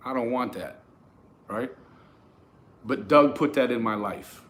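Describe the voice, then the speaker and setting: A man telling a personal story to his viewers in a casual, profane, animated way, often restarting his sentences. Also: mid-range voice, takes it slowly. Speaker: YouTube commentator.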